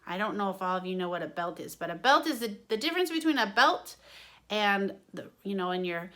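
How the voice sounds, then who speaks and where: A woman's voice: mid-range voice, animated, brisk, a bit bright. A woman drama teacher giving an online singing lesson, explaining each point to her students and then singing examples.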